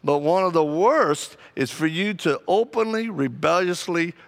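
Male preacher, animated comic storyteller, raised pitch, gravelly edge. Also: unhurried.

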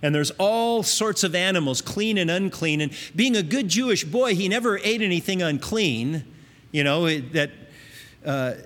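A man's voice: sits high, lively intonation, normal speed, a bit bright, big-room sound. A man preaching a sermon, teaching in an earnest, conversational way with emphatic rises.

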